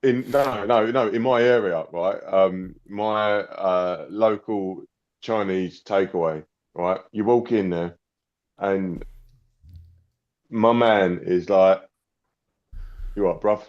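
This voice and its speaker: A man's voice: fairly low pitch, slow pace, highs cut off. A man telling a story in casual podcast chat, with lots of stammering restarts and laughter.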